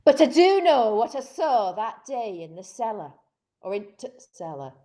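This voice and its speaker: A woman putting on the voice of a plain-spoken Yorkshire workman telling of a ghost, slow and earnest. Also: fairly high pitch, sing-song, dark tone. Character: plain-spoken working man recalling a ghost.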